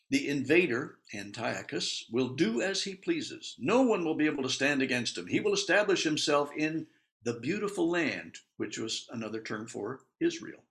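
Chatty, animated male Bible teacher. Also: mid-range voice. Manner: chatty, with asides and laughs; animated, acts out quotes.

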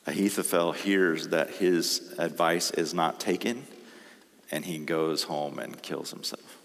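Man, preacher, sermon, low voice, unhurried, long hall reverb. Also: creaky. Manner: reads scripture aloud, rising and pressing at key points.

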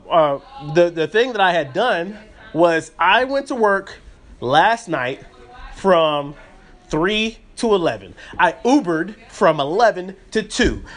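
A man's voice: high-pitched, a bit bright. A man hosting a podcast, telling a story as a casual, rambling rant full of fillers and restarts. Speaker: podcast host.

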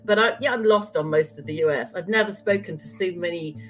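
A woman's voice: lowish voice, faint music behind, poor audio. An older woman with a standard British accent, a former journalist chatting as a guest in an interview. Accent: standard British (BBC English). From United Kingdom. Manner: chatty, quick asides and light laughter. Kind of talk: casual interview conversation.

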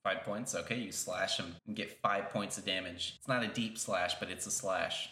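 Bright-voiced man running a tabletop game. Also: low voice, moderate pace, echoey room. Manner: casual, swears, puts on shouted voices for characters. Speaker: game master.

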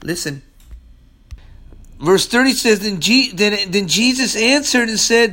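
A man preaching a sermon as pastor, emphatic and streetwise, swinging from loud calls to low, quiet murmurs. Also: animated, unhurried, long pauses.

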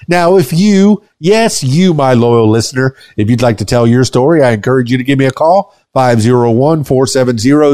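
A man's voice: medium pitch, a little mellow, dry recording, studio quality. A man hosting a podcast, signing off with an upbeat, emphatic delivery. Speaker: podcast host. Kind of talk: podcast outro.

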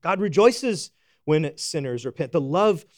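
A man preaching a sermon, folksy and animated, swinging from loud exclamations to hushed emphasis. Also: fairly high pitch, measured pace, no room sound, clean studio sound. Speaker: pastor.

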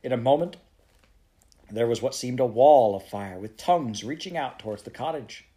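A man reading a children's novel aloud in a steady storytelling manner. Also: medium pitch, normal speed. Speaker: audiobook reader.

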